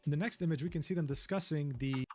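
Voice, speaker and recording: A man giving scripted narration for a commentary video, reading text in a steady, even way. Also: fairly high pitch, quick pace, soft background music.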